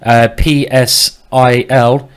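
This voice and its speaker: Hombre comentando ajedrez en directo. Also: male voice, mid-range voice, takes it slowly, smooth. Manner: excitable, urging players on. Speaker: chess commentator and host. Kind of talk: casual live commentary.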